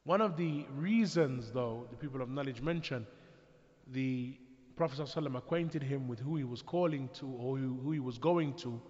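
A man giving a religious lecture in a measured way, with frequent restarts and pauses. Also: medium pitch, darkish tone. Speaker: Islamic preacher. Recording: echoey hall, dull lo-fi sound.

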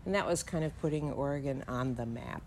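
Older woman, low voice, reflective interview guest, thoughtful and unhurried, recorded at home. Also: a little mellow, a little hiss or hum, rough recording. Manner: measured and thoughtful, with frequent filler pauses. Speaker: interview guest, energy executive. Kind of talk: reminiscing interview answers. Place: living room of her home.

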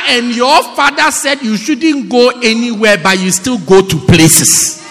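A male pastor preaching a lively sermon in a church, acting out people's excuses and breaking into shouts. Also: extremely high pitch, a little slow, creaky. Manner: animated, mimics excuses, bursts into shouts. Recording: echoey church hall.

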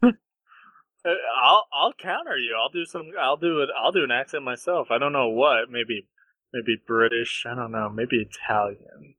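A young man co-hosting a podcast in casual chat, laughing often and teasing with quick banter. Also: medium pitch, lively intonation, bright, forceful tone, no echo, rough recording. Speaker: podcast co-host.

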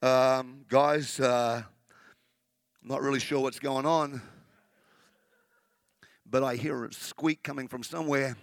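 A man voicing God as a calm, puzzled, offhand almighty figure. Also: mid-range voice, slow, creaky, pauses often, no room sound, pitched below the performer's own voice. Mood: bemused. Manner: casual, slightly puzzled, offhand. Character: bemused almighty male God, calm and unhurried.

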